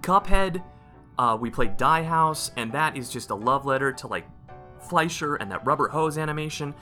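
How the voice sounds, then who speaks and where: A man co-hosting a podcast in casual chat, excitable and rambling, restarting his sentences often. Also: fairly high pitch, normal speed, soft background music. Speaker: podcast co-host.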